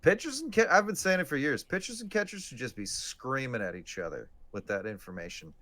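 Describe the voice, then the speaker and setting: A man's voice: medium pitch, animated, brisk, a bit bright. A man co-hosting a casual live stream, joking and sarcastic as he talks through a game. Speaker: podcast co-host. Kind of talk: casual live-stream chat about baseball.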